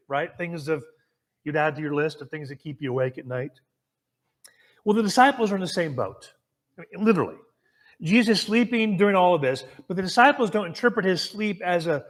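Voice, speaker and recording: An American man delivers a sermon in a light, high-pitched voice. He tells the story conversationally, asking his listeners questions and often restarting his words. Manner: storytelling, asks the congregation questions. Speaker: preacher.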